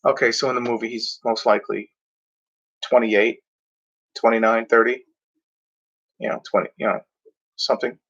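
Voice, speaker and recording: A man talking casually about movies, rambling and halting, often clearing his throat and filling pauses. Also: mid-range voice, little pitch movement, a bit bright, dull audio. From Mexico. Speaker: movie reviewer. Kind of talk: casual movie talk, reading back covers.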